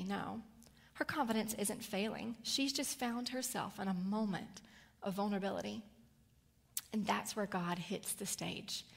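A woman preaching a sermon, telling a Bible story with animated delivery and acting out the characters. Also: mid-range voice, vocal fry. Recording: long hall reverb.

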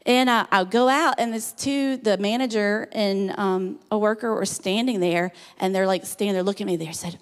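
A middle-aged woman, a guest speaker, telling a story in a chatty, animated sermon full of "like" and "you know". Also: mid-range voice, normal speed, few pauses, clean tone. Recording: reverberant hall.

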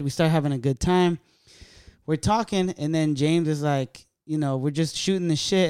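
A man telling a story in a casual podcast chat, animated and profane, acting out what people said. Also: on the high side, clear, resonant tone, no room sound, studio quality. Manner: profane, animated, acts out quotes.

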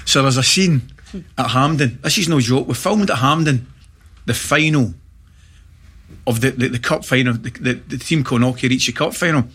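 A middle-aged Scottish man, a former footballer, telling lively anecdotes in casual chat, often checking in with "right?". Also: mid-range voice, husky. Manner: animated anecdotes, quick asides like "right?". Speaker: former footballer and pundit guest.

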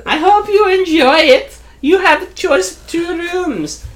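A man putting on a high, pompous villain with a mock German accent. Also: animated, a little slow. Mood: gloating.

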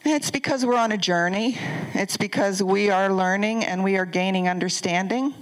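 A woman's voice: mid-range voice, normal speed, rough recording. An older woman pastor preaching a conversational sermon, asking the congregation questions as she goes.

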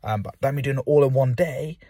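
A young man talks quickly and a little huskily, recording a casual solo podcast from inside a car. His pep talk rambles along, full of fillers, and he is still slightly out of breath from sport. The sound is close and dry. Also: medium pitch, warm tone, slightly rough, dry recording. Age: young adult. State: slightly out of breath after football. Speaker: podcast host.

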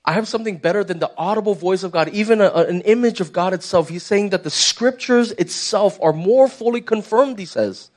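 A man's voice: high-pitched, brisk, hardly any pauses, darkish tone. A young man preaching a sermon as pastor, conversational and emphatic, putting direct questions to the church.

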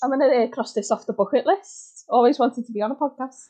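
A woman's voice: a little high, fast talker, mellow, breathy edge. A woman with a Liverpool accent, a podcast guest talking casually, who giggles often and hesitates with fillers. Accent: Liverpool (Scouse). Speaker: podcast guest, mortgage advisor. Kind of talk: casual interview chat.

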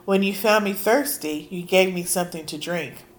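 A hoarse woman preaching a sermon, speaking earnestly and casually and reading scripture aloud with emphasis. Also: lowish voice, moderate pace. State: hoarse from allergies.

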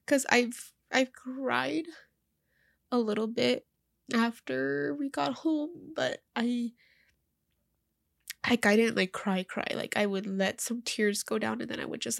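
A young woman talks haltingly through tears in a personal vlog, her voice stuffy and slightly high. A gravelly creak runs through her speech, which often stalls and repeats words. The recording is dry and close. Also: fairly even intonation, dry recording. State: crying, stuffy-nosed.

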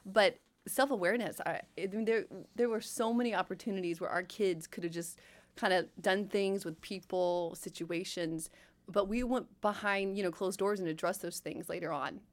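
A woman co-hosting a podcast, speaking thoughtfully with pauses. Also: mid-range voice. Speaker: podcast co-host. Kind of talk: casual podcast chat.

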